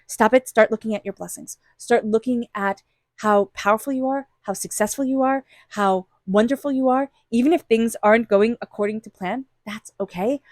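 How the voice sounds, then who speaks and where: A woman's voice: on the high side, normal speed, dry recording, studio quality. A woman giving an intuitive tarot reading, talking straight to the listener in an earnest, encouraging way. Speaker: tarot reader.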